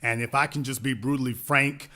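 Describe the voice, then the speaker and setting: A man with a bright, forceful voice talks bluntly in a casual discussion. He drives each point home by repeating it. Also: medium pitch, steady tone, a little fast. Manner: blunt, emphatic, repeats himself for effect. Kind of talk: casual live-stream discussion.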